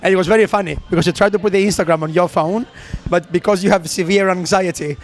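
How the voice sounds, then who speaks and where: A high-pitched man recounts a night out in animated casual chat. He acts out every line of dialogue and laughs through his own story. He co-hosts the podcast. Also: quick pace. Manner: animated storyteller acting out quotes, laughs often. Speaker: podcast co-host.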